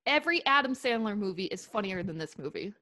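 A woman's voice: mid-range voice, very animated, fast talker, bright, forceful tone. A young woman co-hosting a podcast, blunt and playful, chatting casually and swearing now and then. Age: young adult. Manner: blunt, playful, laughs often. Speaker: podcast co-host. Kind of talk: casual chat.

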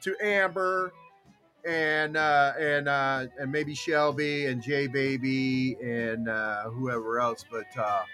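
A man's voice: medium pitch, fairly even intonation, slow pace, bright, forceful tone, soft background music. A man hosting a casual podcast, telling stories animatedly in the studio and laughing often. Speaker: podcast host. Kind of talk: casual chat, storytelling.

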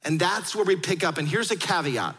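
A man preaching a sermon, retelling a story with lively acted-out quotes. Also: high voice, fairly quick, big-room sound. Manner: animated storytelling, acts out quoted voices. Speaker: pastor.

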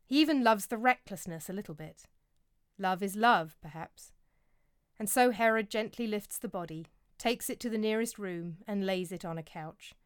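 A woman's voice: mid-range voice, moderate pace, smooth, no echo, studio quality. A woman narrating a scripted historical story in a dramatic, vivid way.

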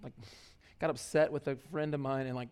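A man's voice: medium pitch, steady tone, brisk, a little mellow, clear, resonant tone. A man preaching a sermon in a loose, conversational way, full of fillers and restarts. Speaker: pastor.

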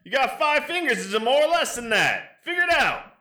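A man voicing a bossy, loud older woman who scolds sharply while cooking dinner. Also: high-pitched, big pitch swings, fairly quick, reverberant, pitched above the performer's own voice, heavily acted. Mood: scolding.

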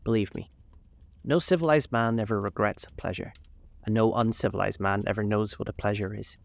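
A man voicing a languid, witty aristocratic gentleman in a storybook reading, with a drawling, amused manner. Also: on the low side, brisk, gravelly.

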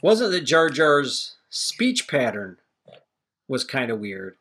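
A man's voice: medium pitch, sing-song, slow, a bit bright, breathy edge. A man co-hosting a podcast, chatting casually and opinionated about a movie, rambling and swearing freely. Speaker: podcast co-host. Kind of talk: casual movie review chat.

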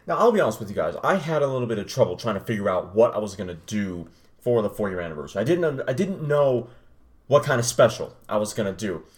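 Young man, podcast host, lowish voice, loose chatty rambling, casual solo talk. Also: lively intonation, quick pace. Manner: rambling, chatty, reacts to his old recording.

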